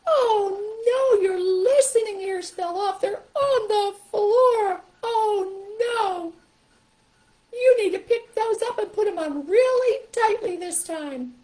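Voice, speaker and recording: A woman voicing a small, fussy stuffed animal puppet in a high, sing-song voice. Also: slow, darkish tone. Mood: fussing.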